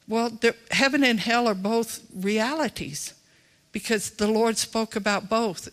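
Bright-voiced preacher with a drawl. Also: medium pitch. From Texas. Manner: folksy, emphatic, swings between loud and hushed. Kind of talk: sermon.

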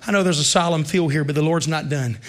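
A man in his thirties preaching a revival sermon to a congregation in a church, swinging between shouted exhortation and hushed storytelling. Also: fairly high pitch, fast. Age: 30s.

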